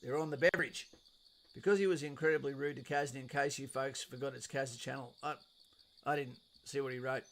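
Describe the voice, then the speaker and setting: Gravelly Australian man chatting live. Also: medium pitch, steady tone, brisk. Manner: blunt, chatty, swears casually. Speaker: live stream host. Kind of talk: casual live stream, reading and answering chat.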